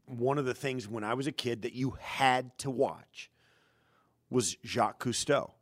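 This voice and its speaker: A middle-aged man co-hosting a sports radio show, telling rambling, animated stories in casual chat. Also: medium pitch, unhurried, dry recording, studio quality.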